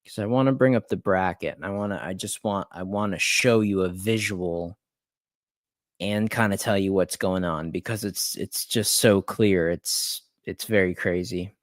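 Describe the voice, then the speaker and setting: A young man rants on a late-night live stream about sports betting, agitated, swearing and repeating words as he vents. His voice is low-pitched and moves at a normal speed. The recording is dry, with clean studio sound.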